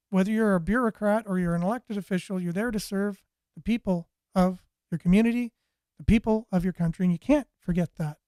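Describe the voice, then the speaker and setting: A man's voice: high voice, a little mellow, no echo, studio quality. A man hosting a commentary show, ranting sarcastically with a stream of rhetorical questions. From Canada. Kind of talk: political commentary monologue.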